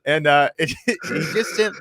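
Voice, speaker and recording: A man hosting a sports radio show, telling stories in an animated way with frequent laughs. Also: fairly high pitch, a little slow. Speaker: radio host, ring announcer. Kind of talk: casual radio chat.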